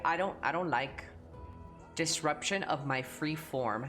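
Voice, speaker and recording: A woman's voice: deep voice, unhurried, fairly bright tone, faint music behind. A woman from Mexico, a streamer chatting casually and crudely with her viewers, playful and joking. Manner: crude, playful, talks to chat, hums and sings nonsense. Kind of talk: casual livestream chat.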